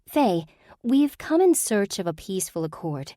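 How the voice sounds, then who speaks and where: A woman's voice: medium pitch, moderate pace, no echo, studio quality, voice pushed up, close to an everyday voice. A woman doing a prim, serene witch. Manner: calm, primly formal.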